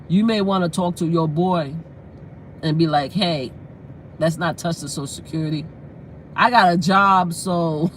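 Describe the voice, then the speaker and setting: A woman's voice: medium pitch, a little hiss or hum. A woman live-streaming from inside her car, delivering a heated rant in a blunt, emphatic way and hammering her points with repetition.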